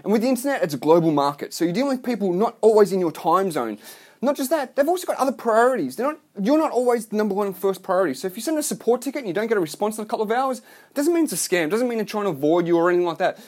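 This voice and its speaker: Fast-talking man on a blunt rant. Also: high-pitched, big pitch swings, darkish tone. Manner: blunt, profane, exasperated; rambling with restarts. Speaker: online business coach. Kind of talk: ranting vlog monologue.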